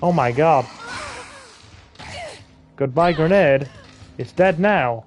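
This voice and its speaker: A man's voice: fairly high pitch, takes it slowly, muffled recording, faint music behind. A man co-hosting a gaming stream, joking and reading chat aloud. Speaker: game stream co-host. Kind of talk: casual gaming commentary.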